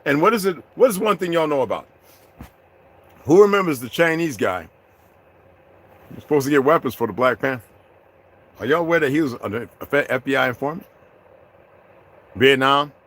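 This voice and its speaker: A man ranting to his viewers in an unscripted, confrontational, profane way, dropping to low mutters and rising to loud outbursts. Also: animated, normal speed, long pauses. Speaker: vlogger addressing his viewers. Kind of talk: unscripted rant to camera.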